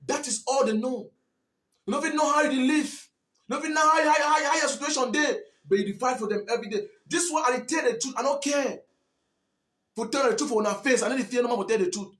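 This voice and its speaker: A man's voice: extremely high pitch, expressive, a little fast, fairly bright tone, reverberant. A man from Southwest Cameroon with a Cameroonian Pidgin English accent, scolding and repeating himself in an impassioned monologue. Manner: preachy, repetitive, scolding. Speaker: commentator.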